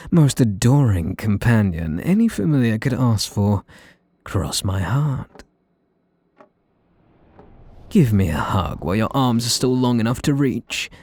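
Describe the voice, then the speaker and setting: A man with a British accent playing a possessive, sweetly menacing young male mage in an ASMR role-play, talking in a soft, teasing, condescending way. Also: medium pitch, no echo.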